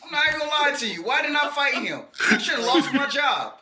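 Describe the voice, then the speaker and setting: A man co-hosting a casual podcast chat, loud and exclaiming, laughing and swearing as he rants. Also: very high-pitched, brisk, over a noisy crowd. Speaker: podcast co-host. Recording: echoey room with steady noise.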